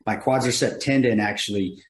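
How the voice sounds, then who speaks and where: A man, a guest, telling his injury story in casual chat, laughing and animated. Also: on the low side, brisk. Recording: roomy echo.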